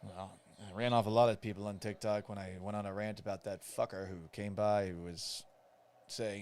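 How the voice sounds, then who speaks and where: A man's voice: on the low side, steady tone, normal speed, darkish tone, clear, resonant tone. A man hosting a live podcast watch party, reading viewer comments and commenting on the game in a casual, joking way, swearing freely. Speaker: podcast host.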